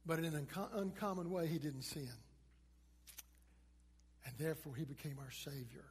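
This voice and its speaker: A high-pitched male pastor preaching in a husky voice. His sermon swings between emphatic peaks and hushed passages. The voice rings with the long reverb of a large hall. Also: moderate pace, long pauses.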